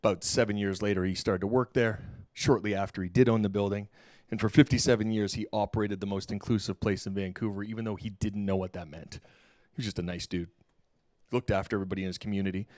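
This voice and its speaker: Keynote speaker, middle-aged man, low voice, animated storyteller, dry close sound. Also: fast talker, no echo. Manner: animated, acts out quoted dialogue, casual slang. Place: lecture hall stage.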